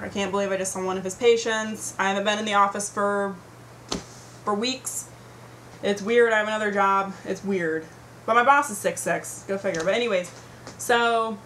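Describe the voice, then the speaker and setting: A woman's voice: mid-range voice, a bit bright, a little hiss or hum. A woman telling a story to her computer camera at home in a casual, rambling, profane rant. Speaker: vlogger. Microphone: computer webcam mic.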